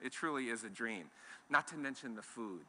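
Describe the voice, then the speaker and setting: A man's voice: medium pitch, animated, moderate pace, bright, forceful tone, slight background noise. A middle-aged man from Hawaii giving an enthusiastic keynote talk on a conference stage, with some restarts. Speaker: conference speaker. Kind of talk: keynote talk to a live audience. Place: large conference hall. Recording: long hall reverb.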